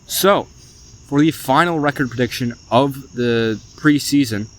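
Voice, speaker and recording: A young man with a drawl talks through a solo sports podcast in a chatty, animated way at a middle pitch. He tosses in "y'all" as he runs down his picks. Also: unhurried. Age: young adult. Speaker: podcast host. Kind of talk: casual sports podcast monologue.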